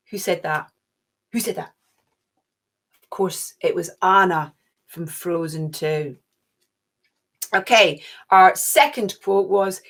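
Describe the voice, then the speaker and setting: A woman's voice: fairly low pitch, a little slow. Cheerful chatty woman hosting a quiz. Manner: chatty and cheerful, gushing with oohs. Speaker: quiz host.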